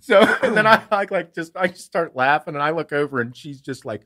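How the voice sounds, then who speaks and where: A man co-hosting a podcast, telling a lively family story with lots of swearing and laughter. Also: on the high side, brisk. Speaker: podcast co-host. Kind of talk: casual storytelling.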